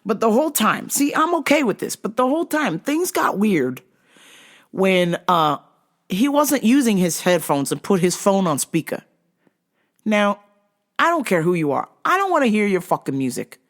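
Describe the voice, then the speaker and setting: Animated, profane storyteller. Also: mid-range voice, moderate pace. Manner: animated and profane, acts out quotes. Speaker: vlogger telling a story. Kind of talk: casual storytelling rant.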